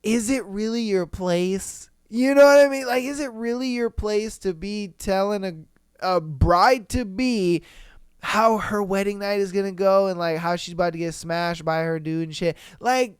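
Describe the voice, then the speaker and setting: High-voiced animated man reacting. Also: measured pace, clear, resonant tone, no echo, studio quality. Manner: animated, profane, incredulous reactions. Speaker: podcast host. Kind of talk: casual commentary reading stories.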